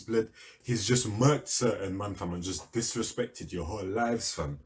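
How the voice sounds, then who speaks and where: A man reacting excitedly to a rap, emphatic and full of slang. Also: lowish voice, unhurried. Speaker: reaction video host. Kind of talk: casual reaction commentary.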